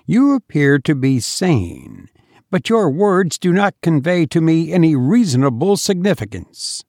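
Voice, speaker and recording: Man narrator putting on a raised, sharp-edged young gentleman's voice, gravelly, skeptical and indignant, storybook reading. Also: on the high side, sing-song, measured pace, no echo, studio quality, pitched above the performer's own voice.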